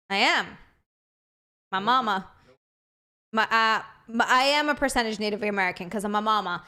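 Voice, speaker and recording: A young woman co-hosting a casual chat show, chatty and reactive and quick to tease. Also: medium pitch, pushed and bright, clean tone. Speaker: co-host.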